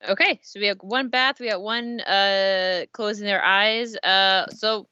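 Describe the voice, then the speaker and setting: A woman's voice: medium pitch, fairly even intonation, measured pace, bright, forceful tone, clean tone, no echo, dull audio. A woman narrating a tabletop game as game master, describing the scene loosely with many fillers.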